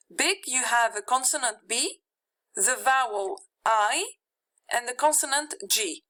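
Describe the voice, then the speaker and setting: A woman teaching a grammar lesson, patiently walking through rules step by step and repeating example words slowly. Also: high voice, pushed and bright, poor audio. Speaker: English teacher.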